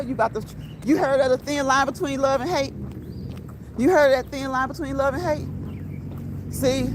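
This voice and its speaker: High-voiced woman chatting on a walk. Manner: playful, chatty, laughs often, talks to chat directly. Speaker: livestream host. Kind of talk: casual livestream chat while walking. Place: outdoors on a city street. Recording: outdoor street noise with traffic.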